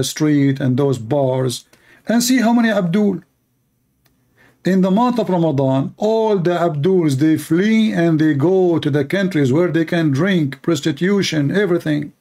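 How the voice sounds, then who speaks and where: An online commentator answers viewer questions in a casual, sarcastic, mocking monologue. His voice sits on the high side with a dark tone, and his English has non-native grammar.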